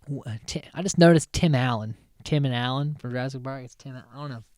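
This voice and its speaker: A man's voice: mid-range voice, quick pace, a little mellow, no room sound, studio quality. A man hosting a podcast, recapping episodes in a rambling, chatty way, swearing freely and often restarting his sentences. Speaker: podcast host.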